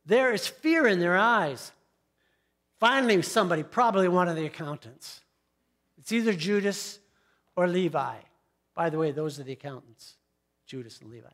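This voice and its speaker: A middle-aged pastor preaching a sermon, telling the story in a chatty way with asides to the congregation. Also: male voice, high-pitched, expressive, normal speed, long pauses, a bit bright.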